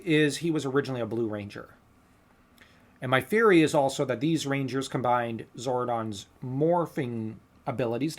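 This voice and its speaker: A man co-hosting a podcast, casually analyzing a movie scene shot for shot and earnestly laying out his own fan theories. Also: medium pitch. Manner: earnest, theorizing, talks through ideas at length. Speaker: podcast co-host.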